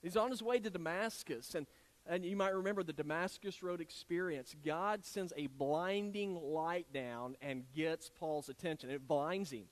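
A man's voice: a little high, normal speed. Earnest preacher man. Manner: earnest, conversational preaching with frequent restarts. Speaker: pastor. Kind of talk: sermon.

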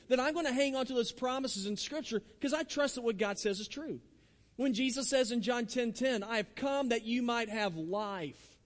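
Man, pastor, sermon, earnest, stumbles over starting words, high voice, long hall echo. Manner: earnest, repeats words when starting phrases.

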